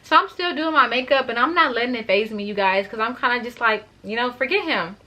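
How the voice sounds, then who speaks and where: A young woman telling a story to her viewers in a chatty, animated way. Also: on the high side, fairly quick. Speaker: vlogger. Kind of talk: story time vlog.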